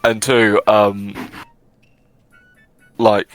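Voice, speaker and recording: A man's voice: lowish voice, flat delivery, very slow, fairly bright tone, dry recording, faint music behind. A man playing in a tabletop game over an online voice call, laid-back and joking. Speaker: player. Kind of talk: casual chat at a tabletop game.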